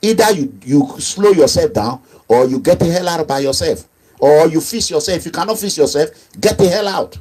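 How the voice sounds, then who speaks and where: A middle-aged Nigerian-accented man gives an impassioned activist leader's monologue, emphatic and repetitive, dropping into low asides and rising into outbursts. His voice is animated, a little mellow and slightly rough, at a moderate pace.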